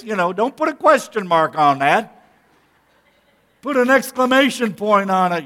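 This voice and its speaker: A man's voice: high-pitched, lively intonation, moderate pace, bright, forceful tone. A pastor preaching a sermon to his congregation, talking to them directly in a folksy way. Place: church sanctuary.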